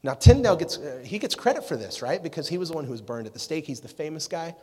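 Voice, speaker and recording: A man's voice: on the high side, animated, quick pace, a little mellow, slightly rough. A man giving a youth sermon as a pastor, telling stories casually and animatedly and often checking in with "right?". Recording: echoey hall reverb.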